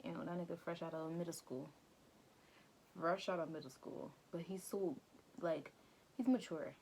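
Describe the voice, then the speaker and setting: A woman vlogger casually retelling an anime film, chatty and slangy with quick asides to her viewers. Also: on the low side, darkish tone, slight background noise. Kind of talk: casual movie recap commentary.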